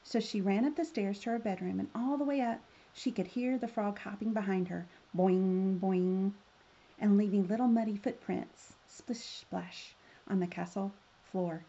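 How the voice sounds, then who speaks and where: A woman reads a children's fairy tale aloud, gentle and expressive. Her voice is mellow and a little husky. The recording has a dull, lo-fi sound. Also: medium pitch, fairly quick, few pauses. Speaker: storyteller. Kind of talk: children's story read-aloud.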